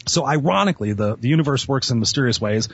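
A man telling his life story as a guest on an interview show, animated and eager, often acting out voices. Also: medium pitch, fast talker, slightly rough, dry recording. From Southern California. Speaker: podcast guest. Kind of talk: storytelling in conversation. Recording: dull lo-fi sound.

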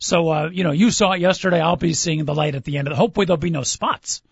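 A high, somewhat husky male voice, talking sports with quick, joking energy. The sound is muffled and lo-fi, with faint music underneath. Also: dry recording. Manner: upbeat, joking, fast banter. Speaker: sports talk show host. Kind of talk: casual sports talk.

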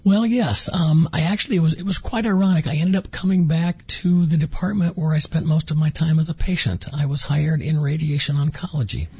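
Husky-voiced man telling his story. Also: fairly high pitch, a little fast, hardly any pauses, a little mellow, no echo, dull audio. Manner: earnest, acts out quoted dialogue. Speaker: interview guest, former patient. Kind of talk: radio interview storytelling.

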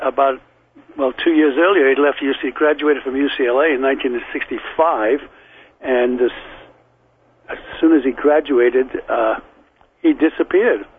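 Starszy mężczyzna z akcentem z Liverpoolu, przez telefon. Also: male voice, medium pitch. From England. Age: older. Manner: rambling and anecdotal, with frequent restarts. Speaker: guest. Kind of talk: telling memories in an interview. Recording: tinny phone line with faint hiss.

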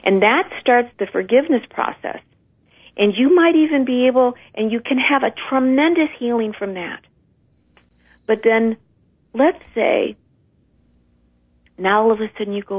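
This woman's voice is a little high and husky, expressive but a little slow, with frequent pauses. Calling in as a guest on a tinny phone line, she gives an earnest, emphatic, conversational account of generational trauma, performing the inner voices involved.

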